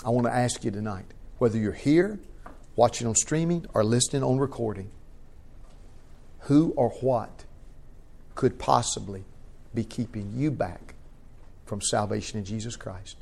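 A man preaching a sermon in a folksy, impassioned way, shifting from quiet to loud. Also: medium pitch, measured pace, creaky, pauses often.

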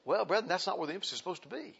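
A man's voice: sits high, lively intonation, rapid-fire, creaky, a bit bright, breathy edge, muffled recording. A man preaching a sermon to his congregation, emphatic and repeating his points, calling them brethren. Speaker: pastor.

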